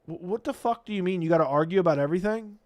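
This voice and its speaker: A man's voice: high voice, racing, a little mellow. A man hosting a casual live stream, reading viewer comments aloud and ranting back at them with brash, profane talk. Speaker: livestream host.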